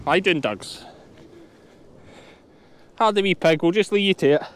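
With vehicle noise in the background, a Scottish sheep farmer who runs a channel talks directly to viewers from a storm-lashed hillside, working his dogs as he goes. His chatty, easygoing farm vlog commentary comes at a moderate pace in a voice that sits high for a man.

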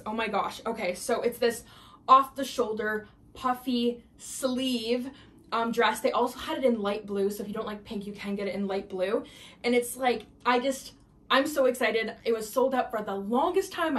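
A young adult woman chatting enthusiastically in a try-on haul vlog, recorded indoors at home. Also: fairly high pitch. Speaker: fashion vlogger.

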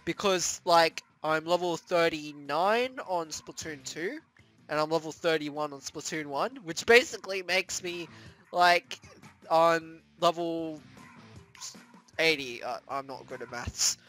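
A young adult gaming host giving excitable let's-play commentary, breaking into screams at scares and rambling in self-mocking asides. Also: mid-range voice, slow pace, soft background music.

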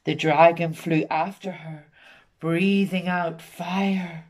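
A woman with a Northern Irish accent reading a rhyming picture book aloud in a gentle, rhythmic storytelling manner. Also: mid-range voice, fairly even intonation, takes it slowly, muffled recording.

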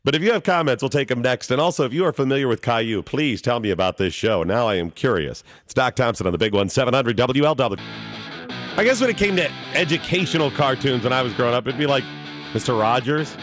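Male talk radio host, animated and joking, mid pitch, lively delivery. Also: quick pace, soft background music.

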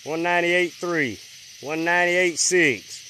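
A man hosting a late-night livestream from a rural farm on his phone. He rattles off viewers' names in a drawl and drops to a hush when he listens for sounds. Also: high voice, measured pace, a little hiss or hum. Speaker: livestream host.

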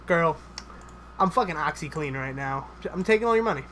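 A man giving live gameplay commentary, excitable and joking, swearing often and chattering in rapid bursts. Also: a little high, a little hiss or hum.

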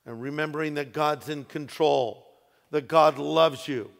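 A man preaches a sermon in a big hall with a long echo trailing his words. His voice sits a bit higher than most men's, and he slows down and leans on key phrases for emphasis. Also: fairly even intonation, gravelly. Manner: preaching with emphatic rises and slowed, stressed phrases. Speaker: pastor. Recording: echoey hall with long reverb.

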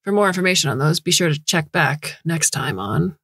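A woman's voice: low-pitched, animated, a little fast, a bit bright, slightly rough, no room sound, clean studio sound, full character voice. A woman narrator voicing a proud young male meteorologist who talks in a flippant, mocking way. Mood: presenting. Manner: flippant, mocking toward the bird.

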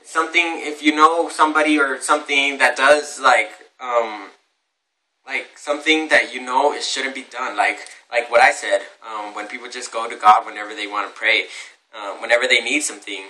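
Animated male vlogger with a bright, forceful voice, heard from a distance in an echoey room. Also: mid-range voice, moderate pace. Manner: animated, acts out voices of others. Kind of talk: casual advice vlog. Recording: echoey room, distant from mic, faint noise.

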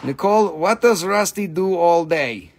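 A man's voice: sits high, animated, measured pace. A man hosting a live stream gem sale, with joking sales patter and a put-on quirky accent that comes and goes.

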